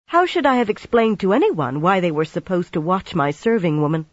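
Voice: mid-range voice, lively intonation, brisk, no echo, natural voice. Commanding young woman leader, read by an audiobook narrator; slightly lo-fi. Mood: firm. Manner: sharp, decisive. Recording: slightly dull lo-fi recording.

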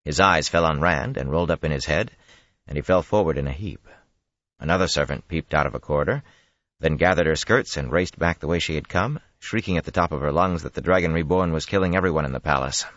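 A man reading a fantasy audiobook in a measured, grave manner. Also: very deep voice, fairly bright tone, no echo, lo-fi sound. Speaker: audiobook narrator. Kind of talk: scripted fantasy narration.

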